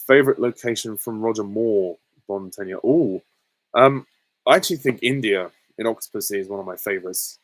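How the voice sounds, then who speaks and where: Guy on a live stream reading questions out and answering, kinda low voice, dead dry sound. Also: brisk, no echo, rough recording. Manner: chatty, reads questions aloud then answers candidly. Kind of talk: casual chat answering viewer questions.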